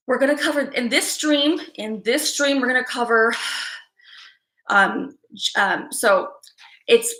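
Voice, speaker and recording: A woman's voice: a little high, bright, forceful tone, roomy sound, rough recording. A woman psychic hosting a live stream, talking casually and emotionally to viewers, rambling with sighs and restarts.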